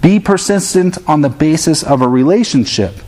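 A man's voice: on the high side, animated, normal speed, darkish tone. A man in his thirties preaching a sermon, earnest and direct, now and then acting out his children's voices to make a point. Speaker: pastor.

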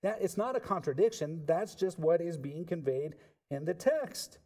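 A man preaching a sermon, swinging from loud emphatic peaks to quiet low asides and asking the congregation rhetorical questions. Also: expressive, moderate pace.

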